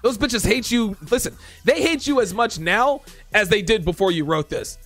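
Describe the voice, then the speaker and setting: A man's voice: high voice, animated, moderate pace, fairly bright tone, no echo, soft background music. A man hosting a dating commentary show, ranting in exasperation at viewer comments with profane sarcasm.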